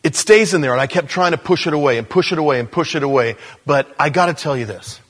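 A male pastor telling a story in a sermon, animated, with stumbles and restarts. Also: a little high, fast, husky.

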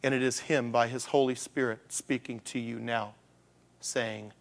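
A man's voice: mid-range voice, steady tone, a little slow, creaky. A male pastor preaching a conversational sermon, asking rhetorical questions and acting out the voices of the people he quotes.

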